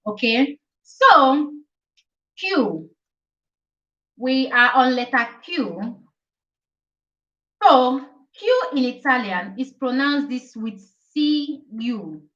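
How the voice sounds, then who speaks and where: Woman, slightly high voice, casual live-stream lesson, repeats each letter, dull distant audio. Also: expressive, drawn-out words, pauses often, fairly bright tone. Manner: chatty, repeats letters, asks "okay?" often. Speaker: Italian teacher.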